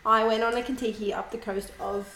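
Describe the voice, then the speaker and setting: Young aussie woman telling stories on a podcast, a bit high-pitched, swears a lot, echoey room. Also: a little fast. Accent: Australian. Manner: animated storyteller, swears freely. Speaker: podcast co-host. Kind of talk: casual chat.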